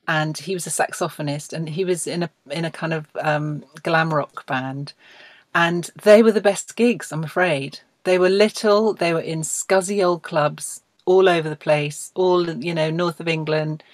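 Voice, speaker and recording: Woman director, slightly low voice, dry close sound, halting casual talk. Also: no room sound. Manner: hesitant, warm, with many fillers. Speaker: film director guest. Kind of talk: casual interview chat.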